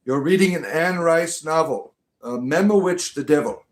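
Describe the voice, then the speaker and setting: A man's voice: on the high side, expressive, moderate pace. Rambling joking man reading live chat. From United States. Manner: rambling, joking, many restarts. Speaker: livestream host reading chat comments.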